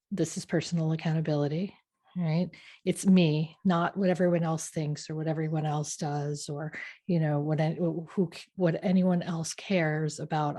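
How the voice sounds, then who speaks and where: A woman's voice: deep voice, warm tone. A woman hosting a podcast, giving a motivational talk and often checking in with "right?". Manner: repetitive, asks "right?" often. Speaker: podcast host.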